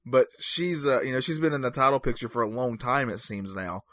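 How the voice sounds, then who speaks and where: A man's voice: mid-range voice, animated, brisk, fairly bright tone. A man co-hosting a casual podcast, chatty and joking at himself. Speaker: podcast co-host. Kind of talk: casual chat.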